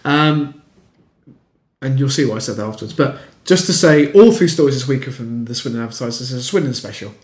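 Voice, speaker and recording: A man's voice: medium pitch, brisk, a little mellow, echoey room. A man co-hosting a casual podcast, talking in a hesitant way with frequent restarts. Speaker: podcast co-host. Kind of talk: casual chat.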